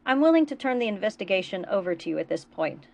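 A woman voicing a brisk, businesslike security officer. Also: medium pitch, very animated, creaky.

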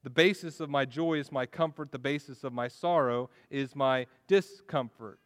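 A man's voice: medium pitch, moderate pace, fairly bright tone. A man preaching a sermon in an earnest way, often restarting his phrases. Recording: long echo of a large hall.

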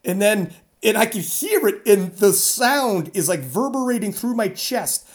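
A woman strongman athlete from North America, telling a story in a casual interview, animated and rambling with fillers. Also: mid-range voice, normal speed.

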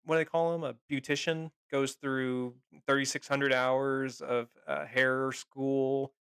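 Male podcast co-host, gravelly, sarcastic and profane, close and dry. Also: mid-range voice, flat delivery, a little slow, fairly bright tone, no room sound. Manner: profane, sarcastic, laughs often. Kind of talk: casual chat.

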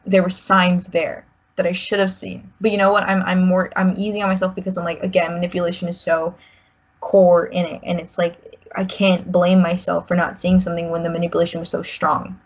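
Husky-voiced woman in her 20s, slightly low, rambling and candid, muffled recording. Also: little pitch movement, a little fast. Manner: rambling, full of "like" and restarts. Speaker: guest sharing a personal story. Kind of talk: candid personal storytelling.

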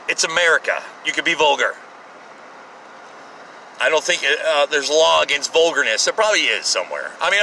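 A man's voice: a little high, pushed and bright. A man in his thirties hosting a podcast from his car, ranting in a profane, rambling way that keeps interrupting itself. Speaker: podcast host. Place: inside a moving car. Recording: distant car mic with road noise. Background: faint road and traffic noise.

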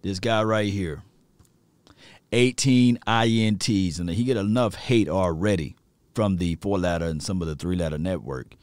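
A man hosting a sports stream, telling slangy, excitable stories and laughing often. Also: deep voice, moderate pace, clear, resonant tone, no echo. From rural area. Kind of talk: animated sports talk.

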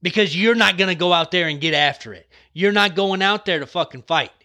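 A young man hosting a podcast, giving a fired-up, profane motivational talk that swings between yelling and relaxed joking, his throat getting dry from the shouting. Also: sits high, fairly quick. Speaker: podcast host.

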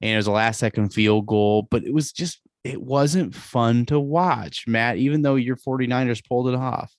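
A man's voice: medium pitch, normal speed, dry recording, clean studio sound. A man hosting a casual sports podcast, joking and laughing often as he leads the chat. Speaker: podcast host.

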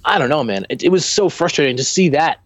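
A man co-hosting a casual football podcast, talking in an animated, rambling way with many restarts. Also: fairly high pitch, quick pace, no echo, lo-fi sound. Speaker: podcast co-host.

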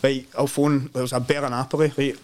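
A man's voice: mid-range voice, fast. Sweary Scottish man telling travel stories. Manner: sweary, animated anecdotes, frequent "mate" and "man". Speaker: podcast guest. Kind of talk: casual storytelling chat.

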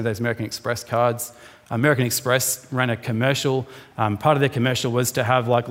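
A man preaching a sermon in a conversational, animated way, acting out little scenes as he explains. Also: mid-range voice. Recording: reverberant hall.

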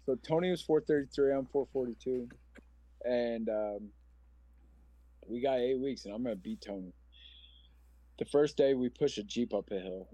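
An earnest man in his forties from Omaha, Nebraska, shares his story as a podcast guest, rambling and emotional as he goes. His voice is warm and mellow. The sound is dry, with no room echo. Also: medium pitch, moderate pace, pauses often, lo-fi sound. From Omaha, Nebraska, USA. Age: 40s. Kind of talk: personal storytelling interview.

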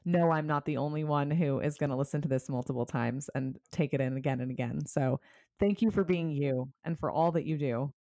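A woman podcast host chatting casually with a guest, candid and self-deprecating, often halting mid-thought. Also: deep voice, vocal fry, dark tone, dry recording, clean studio sound. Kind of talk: casual interview chat.

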